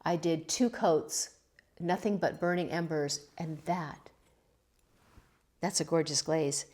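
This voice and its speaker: This middle-aged Californian woman, a pottery vlogger, chats casually about her pottery and a local winery. She gets emotional, laughing as she fights back tears, and her low, darkish voice moves at a slow pace.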